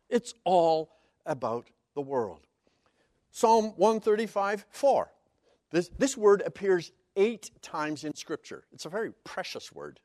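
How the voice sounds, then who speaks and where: A man's voice: high-pitched, very animated, slow pace, a little mellow, no echo, studio quality. A man preaching a sermon as Bible teaching, stressing key words emphatically and explaining Hebrew terms one by one.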